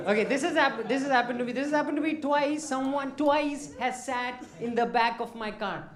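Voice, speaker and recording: A man's voice: extremely high pitch, fairly quick, some chatter behind. A man from India with an Indian accent doing a brash, profane stand-up set on a comedy club stage with a handheld mic. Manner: brash, profane, mocking punchlines. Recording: roomy club sound with audience laughter.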